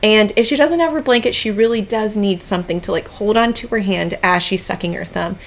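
A woman tells a story to her listeners, chatty and animated. Her voice sits at an ordinary middle pitch, and she keeps calling the audience y'all as she talks. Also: brisk. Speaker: podcast co-host. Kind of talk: casual storytelling chat.

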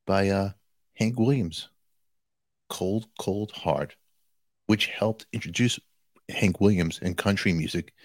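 A man's voice: on the low side, no echo. A man hosting his own channel, talking straight to viewers in a jokey, chatty way. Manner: animated, jokey, addresses viewers directly. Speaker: channel host.

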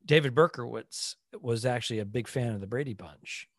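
A man's voice: medium pitch, a little fast, no room sound, studio quality. A man co-hosting a casual comedy podcast with wry, joking banter. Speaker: podcast co-host.

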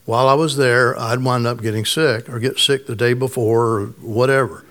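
Middle-aged male pastor, slightly raspy, conversational storytelling sermon, mid-pitched. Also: steady tone, moderate pace, a bit bright. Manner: conversational, storytelling, asks congregation questions.

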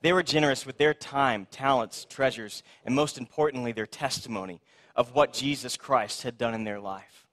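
A man's voice: medium pitch, moderate pace, a bit bright. A man preaching a conversational sermon as pastor at a church service, retelling a story in a casual, plainspoken way.

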